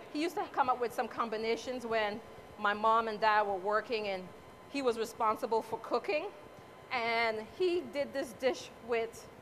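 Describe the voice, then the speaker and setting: A woman's voice: on the high side, a bit bright, a little hiss or hum. A woman doing a live cooking demonstration at a competition, chatting to the audience and judges in a motherly, playful way as she cooks. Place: cooking competition event space.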